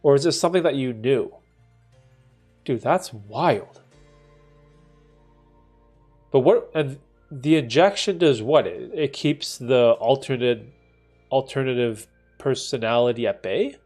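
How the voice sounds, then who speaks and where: A man's voice: mid-range voice, a little slow, a little mellow, soft background music. A man with a stuffy, congested voice, casually chatting with viewers on a live stream and reacting to their messages. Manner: reads chat messages aloud and reacts, conversational with many fillers. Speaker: streamer answering chat.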